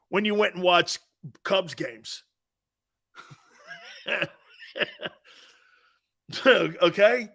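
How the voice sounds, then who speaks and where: A man hosting a sports talk show, riffing casually in a mocking way, laughing often and slipping into quick impressions of others. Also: sits high, gravelly, sharp tone.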